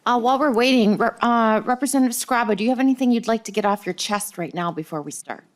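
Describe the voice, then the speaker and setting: A woman's voice: fairly high pitch, fast. A woman chairing a legislative committee hearing, chatty and joking, with many fillers. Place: hearing room.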